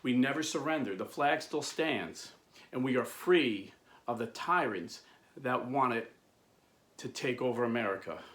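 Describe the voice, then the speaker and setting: A man hosting a video, telling a historical story in an animated, emphatic way. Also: medium pitch, a little slow, echoey room. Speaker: video host. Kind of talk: impassioned storytelling.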